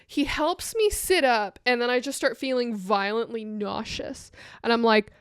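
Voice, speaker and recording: This is a woman with a high, smooth voice, telling a story on a casual podcast. She acts out the people in it with lively voices. The sound is dry and close, with no room around it. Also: unhurried, dry recording. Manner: animated, acts out voices in her stories. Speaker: co-host.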